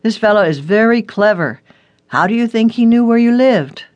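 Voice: medium pitch, animated, normal speed, darkish tone, dry recording, lo-fi sound, pitched above the performer's own voice, natural voice. A narrator voicing a stern male detective. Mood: serious. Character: stern male police detective, calm and guarded. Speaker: detective character. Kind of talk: audiobook character reading.

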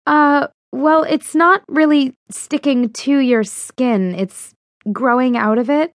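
A woman's voice: sits high, takes it slowly, dry recording, studio quality, pitched above the performer's own voice. Woman voicing a drawling, hesitant young witch.

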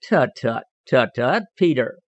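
A man voicing a sharp-tongued, scolding little female wren in an audiobook, with a brisk, teasing, lecturing manner. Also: a little high, very animated, no echo, dull audio. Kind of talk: audiobook character reading.

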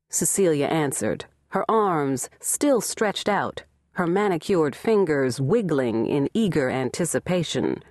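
A woman narrating a novel in a measured, expressive reading. Her voice sits low and swings widely in pitch, and she takes her time. It is recorded close and dry in a studio. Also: dry recording. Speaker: audiobook narrator. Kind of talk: scripted narration. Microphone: close studio mic.

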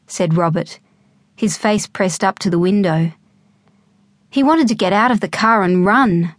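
A woman with an Australian accent reading a children's audiobook in a lively storytelling manner. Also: mid-range voice, a little slow, pauses often, no room sound. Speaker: audiobook narrator. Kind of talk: scripted narration.

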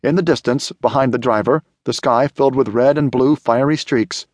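A medium-pitched man narrates a thriller audiobook from a script in a steady, measured way. The recording is clean studio sound with no room sound.

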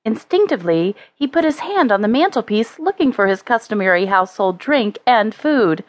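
A woman narrating a children's storybook in a slow, measured way. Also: fairly high pitch, no echo. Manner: slow, expressive, measured reading. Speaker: audiobook narrator.

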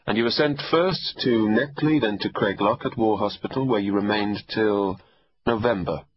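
A man voicing a blunt, sardonic older army doctor who gives brisk orders. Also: fairly low pitch, dull audio, a little hiss or hum, natural voice. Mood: brusque. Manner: brisk, bossy, teasing. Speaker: army medical examiner.

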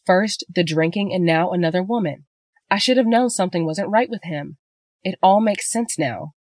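A woman's voice: lowish voice, animated, moderate pace, darkish tone, dry recording. A woman voicing a betrayed wife and mother who speaks in heated, angry bursts, in a dry-sounding audiobook reading. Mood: distraught. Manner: heated, raising her voice in anger.

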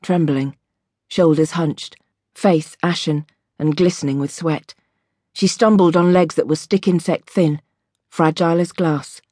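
A woman reading an audiobook in a measured, vivid storytelling voice. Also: deep voice, fairly even intonation, dark tone, dry recording, clean studio sound. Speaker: audiobook narrator. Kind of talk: scripted audiobook narration.

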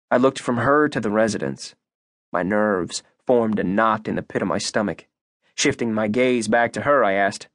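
Male audiobook narrator, first person, expressive and measured, dry close studio sound. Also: on the low side, no room sound.

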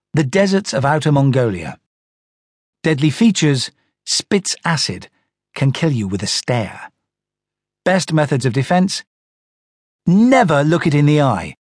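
A man narrating a children's audiobook in an animated storytelling manner. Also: fairly high pitch, slightly rough, no room sound, clean studio sound.

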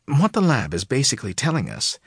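A male audiobook narrator voicing a nervous woman scientist who speaks quietly and hesitantly. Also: mid-range voice, wildly swooping pitch, fairly quick, slightly rough, dry recording, studio quality, pitched above the performer's own voice, exaggerated voice. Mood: uneasy. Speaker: storybook character in an audiobook.

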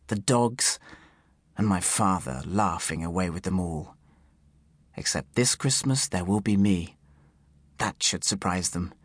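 A man voicing a weary male traveller quietly musing about coming home. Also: low voice, measured pace, long pauses, no echo. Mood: wistful. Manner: quiet, musing inner thoughts.

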